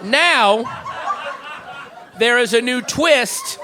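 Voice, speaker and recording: A man's voice: extremely high pitch, lively intonation, extremely slow, a crowd in the background, noisy background. A man doing a stand-up comedy set, rambling, profane and self-mocking.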